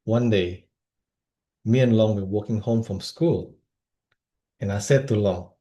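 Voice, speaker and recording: A man's voice: on the low side, measured pace, long pauses. A man from Indonesia giving a humorous personal-story speech at a speaking club. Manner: animated, comic storytelling with voices.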